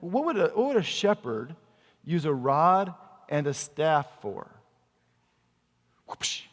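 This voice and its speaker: Man, pastor, conversational sermon, rhetorical questions, slightly high voice, long hall echo.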